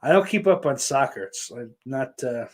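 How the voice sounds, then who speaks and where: A man's voice: mid-range voice, animated, normal speed. A man from hosting a podcast, rambling in casual chat, with lots of swearing, fillers and restarts. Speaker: podcast host. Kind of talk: casual chat answering viewer questions.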